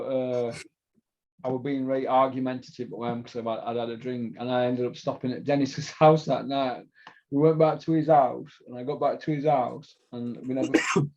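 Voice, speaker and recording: A man's voice: medium pitch, darkish tone. A middle-aged man from Doncaster with a South Yorkshire accent, rambling through sweary, laughing stories as a podcast host. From Doncaster, England. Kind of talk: casual storytelling chat. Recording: dull lo-fi sound.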